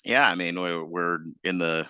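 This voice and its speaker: Low-ish guy on sports radio, stumbly restarts, dry studio mic. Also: bright, forceful tone, smooth, no room sound. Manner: hesitant, restarts often, then rushes. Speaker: sports radio show host. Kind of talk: casual radio chat.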